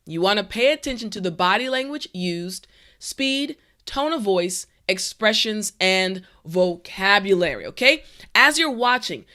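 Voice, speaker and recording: A woman teaching an online English lesson, speaking with confidence and encouragement, often checking in with "okay?" and "right?". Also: mid-range voice. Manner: confident, animated delivery.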